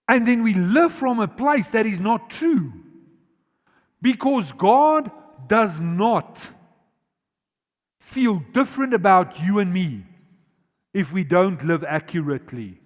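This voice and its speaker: A man preaching a sermon as pastor. He swings between loud, urgent emphasis and quiet, slowly drawn-out words, and asks the congregation questions directly. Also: high-pitched, lively intonation. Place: large church auditorium. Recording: long reverb of a church hall.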